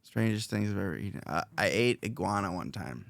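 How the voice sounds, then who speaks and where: A man's voice: deep voice, lively intonation, brisk, vocal fry. A young man hosting a podcast, talking casually in a rambling, self-reflective way with many fillers and restarts. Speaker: podcast host, interviewed as guest.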